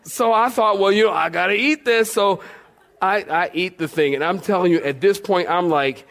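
Man, preacher, sermon, animated storytelling, fairly high voice, questions to the congregation. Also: normal speed. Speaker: pastor. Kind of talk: sermon with a humorous personal story.

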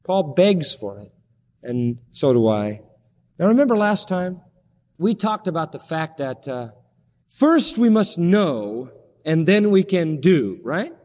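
A man preaching a sermon as pastor, pleading and impassioned, with his pitch climbing sharply at the high points. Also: very animated, slow, darkish tone, in a large hall.

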